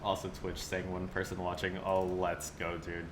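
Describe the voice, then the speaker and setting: A man's voice: deep voice, monotone, normal speed, noisy background. A man streaming live with a groggy morning voice, flustered and self-mocking as he reads aloud to chat.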